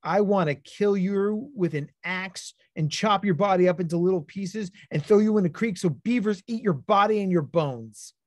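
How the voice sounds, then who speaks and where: A man's voice: high-pitched, moderate pace, hardly any pauses, a little mellow, dry recording, voice pushed up. A man voicing a furious six-year-old boy who blurts out over-the-top threats.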